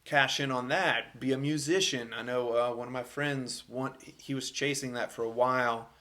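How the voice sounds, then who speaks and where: A man's voice: medium pitch, steady tone, normal speed, bright, forceful tone. Man, young adult, from Louisiana, podcast host, rambling casual chat, loose swearing. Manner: rambling, swears freely, many fillers.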